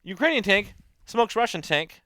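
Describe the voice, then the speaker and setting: A man in loose podcast banter, swearing freely and getting louder as his stories build. His voice is bright and clean, recorded dry and close. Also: high-pitched, normal speed, dry recording. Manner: animated storyteller, swears often, laughs a lot. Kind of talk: casual profane chat.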